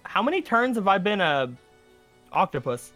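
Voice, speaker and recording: A man's voice: high voice, big pitch swings, normal speed, a bit bright, faint music behind. A man playing a tabletop game, chatty and joking, who repeats words while he thinks. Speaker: player. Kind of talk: casual tabletop play.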